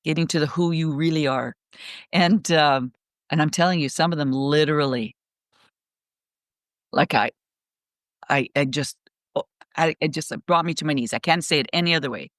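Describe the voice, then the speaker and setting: A middle-aged woman on a remote call, telling stories in a rambling, animated way, full of restarts. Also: low-pitched, moderate pace, long pauses, no echo, studio quality. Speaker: guest speaker. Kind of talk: casual podcast conversation.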